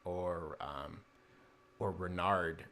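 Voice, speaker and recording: A man narrating a tabletop game as game master, halting often with fillers. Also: sits low, fairly even intonation, fairly bright tone, a little hiss or hum.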